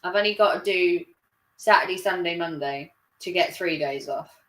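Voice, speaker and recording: A woman's voice: on the low side, moderate pace, fairly bright tone. A woman chatting casually on a live stream, rambling and laughing often. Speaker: livestreamer. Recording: roomy echo.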